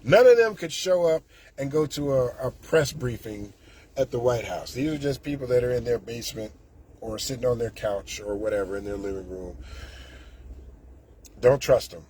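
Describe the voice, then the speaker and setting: A man's voice: mid-range voice, moderate pace, mellow, a little hiss or hum. A man, ranting indignantly and sarcastically as a political commentator, with frequent restarts. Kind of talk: casual political rant.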